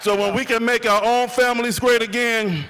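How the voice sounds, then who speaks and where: High-voiced man preaching to a rally. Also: little pitch movement, normal speed, a bit bright. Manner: preacher-like, rhythmic lists, half-singing. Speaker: rally warm-up speaker. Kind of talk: call-and-response rally speech.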